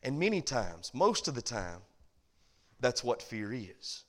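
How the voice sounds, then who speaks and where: A man pastor preaching a sermon, animated and calling for amens. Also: mid-range voice, takes it slowly. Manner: animated preaching, calls for amen.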